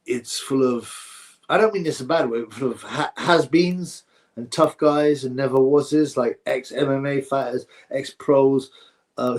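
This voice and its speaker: Man rambling through a boxing livestream. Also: medium pitch. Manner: rambling, reads viewer comments aloud, blunt opinions. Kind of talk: casual livestream chat. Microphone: streaming setup mic.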